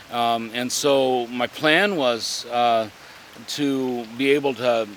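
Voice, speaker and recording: A man, a living history reenactor, talking in a reflective interview in an earnest, halting way as he searches for words. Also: mid-range voice, fairly bright tone, a little hiss or hum.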